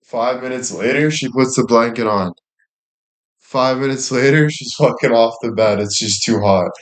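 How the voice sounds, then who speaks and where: A man's voice: mid-range voice, normal speed. A young man chatting casually and crudely, rambling and laughing often. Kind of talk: casual chat.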